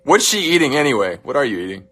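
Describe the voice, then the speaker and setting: A woman's voice: extremely low pitch, big pitch swings, quick pace, fairly bright tone. A woman hosting a phone livestream, teasing her friend, laughing often and reading viewer comments aloud. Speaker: livestream host. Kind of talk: casual livestream chat.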